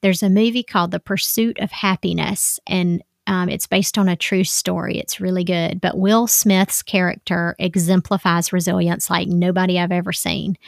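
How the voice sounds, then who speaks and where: A woman's voice: fairly low pitch, level tone, normal speed, creaky, few pauses, dry recording, studio quality. A woman in her thirties, a mother giving advice in a casual, chatty monologue, acting out quoted dialogue. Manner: chatty, acts out quoted dialogue, many "like" fillers.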